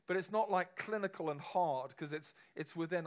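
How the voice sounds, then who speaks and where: A man's voice: sits high, normal speed, few pauses. A man preaching a sermon to a congregation in a conversational, emphatic way, often asking the room questions.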